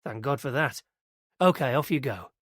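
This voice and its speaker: A man playing a calm police inspector. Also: medium pitch, moderate pace, breathy edge, no echo, studio quality.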